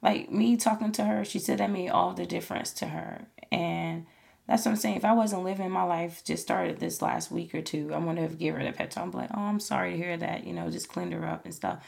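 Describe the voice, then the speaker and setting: A woman's voice: lowish voice, steady tone, a little fast, gravelly, a little mellow, breathy edge. A woman hosting a podcast, talking in a casual, earnest and encouraging way, full of "like" and "you know". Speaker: podcast host. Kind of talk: casual motivational monologue.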